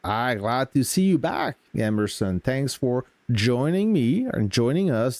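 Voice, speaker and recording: A man on a live game stream, speaking slowly in a mellow, warm voice with a mid-range pitch. He greets his viewers casually and walks through the game features at an easy pace. The sound is dry and close. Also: dry recording. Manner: relaxed, greets chat viewers, explains game mechanics.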